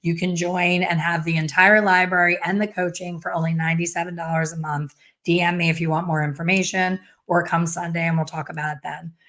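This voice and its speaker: With a slightly fast pace and a level, low-leaning voice that's a bit bright, this woman in her fifties chats on her live stream. She teaches hair color and talks bluntly, tossing in sassy voices while she tells stories.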